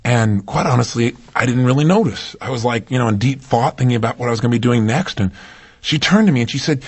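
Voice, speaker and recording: A man giving a motivational seminar talk, animated and full of rhetorical questions to his audience. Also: medium pitch, quick pace, breathy edge. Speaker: motivational speaker.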